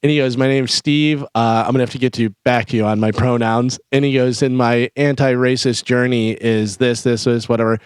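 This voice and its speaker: Smooth-voiced radio co-host telling stories. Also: male voice, medium pitch, a little fast, few pauses, dry recording. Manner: animated storyteller acting out quotes. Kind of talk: casual radio banter. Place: radio studio. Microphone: studio mic.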